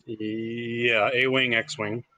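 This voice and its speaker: A man's voice: medium pitch, flat delivery, drawn-out words, sharp tone, dry recording. A man playing in a tabletop game, making brief offhand remarks in casual chat. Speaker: player.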